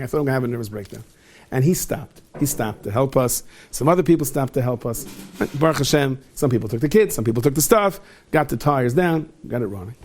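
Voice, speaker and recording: A man gives a storytelling sermon as a rabbi, acting out the people in his tales in high pleading voices and often repeating words as he goes. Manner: animated, swings into high pleading voices for quoted characters; repeats words and restarts when caught up in a story. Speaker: rabbi giving a holiday talk.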